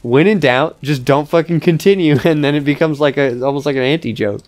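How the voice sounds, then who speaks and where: A woman's voice: sits low, brisk, a little mellow. A woman co-hosting a casual game let's play, joking, swearing and laughing often. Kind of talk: casual gaming chat.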